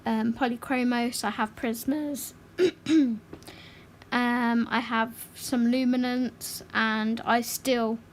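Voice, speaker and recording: Over slight background noise, a woman hosting a livestream colours and talks in a fairly high, steady voice. Her chat is casual and a bit rambling, and she's quick to laugh.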